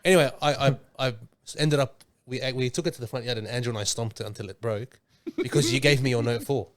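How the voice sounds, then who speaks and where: A man's voice: medium pitch, quick pace. A young man chatting casually on a podcast, playful and mock-boastful, laughing as he tells stories. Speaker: podcast guest co-host. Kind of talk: casual chat.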